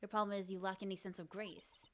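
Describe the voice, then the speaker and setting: A woman voicing a grouchy, scolding old man as she reads video game dialogue aloud in a gruff, indignant rant. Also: medium pitch, flat delivery, fast, faint music behind, close to an everyday voice. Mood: grumbling.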